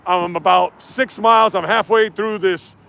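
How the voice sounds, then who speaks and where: A man's voice: high voice, fairly even intonation, a little slow, creaky, bright, forceful tone. A man livestreaming outdoors on city streets from his phone, chatting casually and reading viewer comments aloud as he runs. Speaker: livestream host. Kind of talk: casual livestream chat while running. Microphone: handheld phone.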